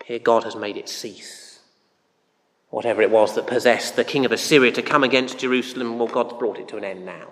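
A man's voice: mid-range voice, fairly even intonation, a little fast. A man preaching a sermon in a loose, conversational way, with anecdotes and frequent ums and uhs. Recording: echoey hall with long reverb.

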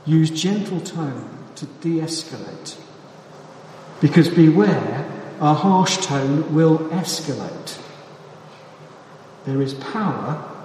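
A man preaching a sermon with a measured, deliberate delivery and emphatic pauses, heard in a church hall. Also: on the high side, a little mellow, a little hiss or hum. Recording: echoey hall from far off.

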